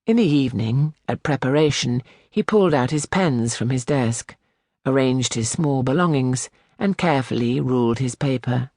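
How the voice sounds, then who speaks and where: A man narrating a classic novel as an audiobook in measured, expressive storytelling. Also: mid-range voice, dry recording, studio quality. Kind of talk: scripted literary narration.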